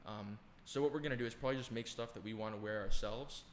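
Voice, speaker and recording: A young man co-hosting a podcast, chatting in a relaxed, rambling way with plenty of fillers. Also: on the low side, fast talker, echoey room, a little hiss or hum. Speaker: podcast co-host. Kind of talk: casual chat.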